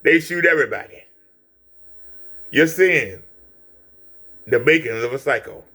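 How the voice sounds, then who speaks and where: A man's voice: mid-range voice, expressive, a little slow, pushed and bright. A man hosting a reaction video, ranting profanely with taunts and insults at someone in a clip. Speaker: channel host reacting to a clip.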